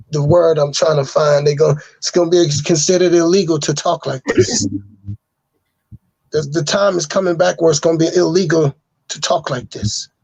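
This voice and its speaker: A man's voice: on the high side, vocal fry, darkish tone, breathy edge, dry recording. A man speaking as a podcast guest, delivering an earnest, sermon-like message that keeps returning to the same phrases. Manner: insistent, repeating phrases like a sermon. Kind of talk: earnest preaching monologue.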